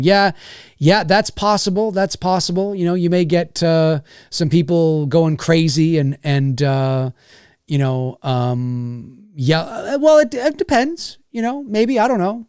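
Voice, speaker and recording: A man's voice: fairly high pitch, expressive, unhurried, darkish tone, clear, resonant tone, no room sound, studio quality. A man hosting a casual livestream rant, rambling and swearing, with many restarts. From Canada. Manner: rambling, profane, frequent restarts. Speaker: YouTube host.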